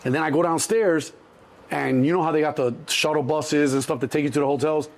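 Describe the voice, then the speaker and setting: A middle-aged man, telling stories as an interview guest in a lively, profane way and acting out other people's voices. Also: brisk. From Chicago. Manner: animated, acts out other people's voices in a higher pitch, profane. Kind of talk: storytelling in an interview.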